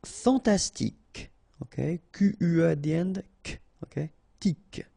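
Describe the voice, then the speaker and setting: A man with a French accent teaching pronunciation in a slow, unhurried way, repeating and spelling out each word. His voice is dark and gravelly, with a husky edge. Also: fairly high pitch, lively intonation, no room sound. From France. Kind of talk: pronunciation drill.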